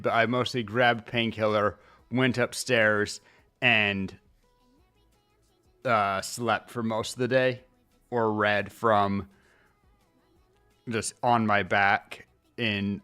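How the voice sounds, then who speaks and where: A man in casual livestream chat, his voice smooth and resonant at a mid pitch. He rambles along and stops to restart his sentences. Faint music plays behind him. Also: pushed and bright. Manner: rambling, chatty, many pauses and restarts. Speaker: streamer. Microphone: desk mic at streaming setup.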